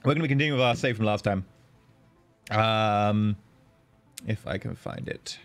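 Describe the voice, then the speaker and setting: A man's voice: normal speed, faint music behind. A man streaming a strategy game, chatting casually and playfully with his viewers, thanking them and joking as he plays. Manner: chatty, playful, thanks viewers, bursts into high excited pitch. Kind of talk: casual livestream commentary.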